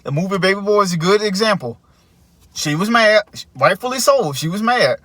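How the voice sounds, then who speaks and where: A man's voice: high-pitched, animated, normal speed, pushed and bright, dry recording. A man in casual chat, opinionated and lecturing as he retells scenes at length.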